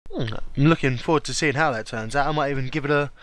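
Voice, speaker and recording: A man's voice: mid-range voice, fast, a bit bright, no echo. A man co-hosting a podcast in casual chat, laughing often between remarks. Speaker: podcast co-host.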